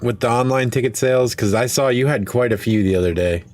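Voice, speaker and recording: A man co-hosting a casual podcast chat, easygoing and quick to laugh. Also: medium pitch, darkish tone. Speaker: podcast co-host.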